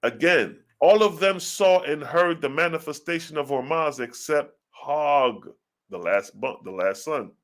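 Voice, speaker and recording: Male scripture teacher, slightly high voice; slow verse reading broken up by rapid slangy commentary. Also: animated. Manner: reads verses slowly, then comments in fast street slang.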